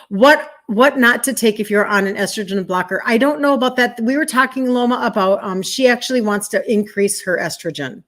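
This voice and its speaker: A woman's voice: on the high side, a bit bright. A woman in her fifties with an American accent, hosting a live stream as a health coach, chatting casually, laughing often, answering viewers by name. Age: 50s. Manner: chatty, rambling, quick laughs, talks straight to viewers.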